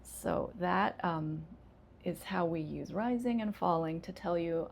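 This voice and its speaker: A woman ESL teacher, calmly explaining English intonation with frequent fillers. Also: lowish voice, vocal fry, slight background noise. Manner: relaxed, explains slowly with many fillers.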